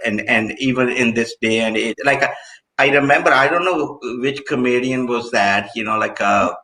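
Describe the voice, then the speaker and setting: Man telling lively anecdotes. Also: medium pitch, low-quality recording. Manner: storytelling, animated anecdotes. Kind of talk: casual chat.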